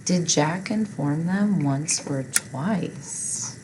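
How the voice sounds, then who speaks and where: A woman's voice: sits low, very slow, background noise. A woman teaching a phonics lesson, patiently reading word lists and spelling words out, asking listeners to repeat after her.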